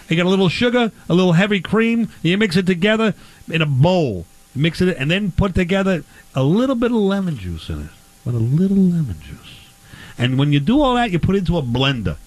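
A man doing comic banter, rambling and playfully clueless. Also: high voice.

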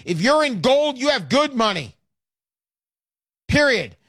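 A man hosting a call-in show, pitching with brash, hard-selling talk and lots of repetition. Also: sing-song, measured pace, fairly bright tone, dry recording, studio quality. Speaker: radio show host.

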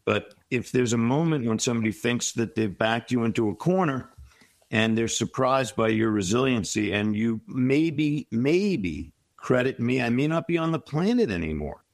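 A man's voice: mid-range voice, lively intonation, normal speed, dry recording. A middle-aged man giving reflective, encouraging advice as an interview guest. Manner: reflective, encouraging, tells stories.

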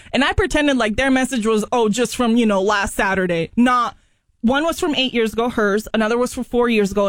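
A woman's voice: fairly high pitch, no echo, studio quality. A woman co-hosting a radio show, chatting casually in a giggly, self-deprecating way. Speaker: radio co-host. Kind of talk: casual morning radio banter.

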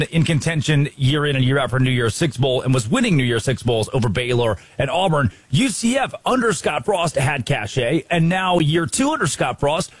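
A man co-hosting a sports talk show, debating college football in an animated, riffing way with mock quotes. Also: on the high side, husky, dry recording.

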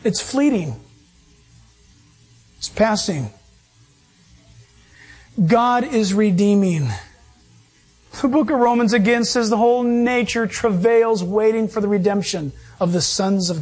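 A man preaching a sermon as pastor, emphatic and animated with quick bursts. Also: sits high, slightly rough.

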